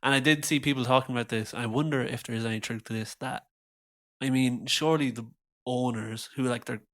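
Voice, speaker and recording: A man's voice: medium pitch, steady tone, brisk, fairly bright tone. A man co-hosting a podcast in casual chat, laughing often and throwing in sarcastic asides. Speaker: podcast co-host.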